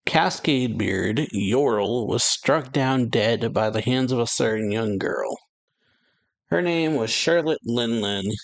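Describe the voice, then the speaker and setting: A man hosting a reaction channel, reading a manga chapter aloud in casual chat, stumbling and correcting himself, chuckling at his slips. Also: medium pitch. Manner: reads aloud with frequent restarts and self-corrections. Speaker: anime reaction channel host. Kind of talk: casual manga read-through.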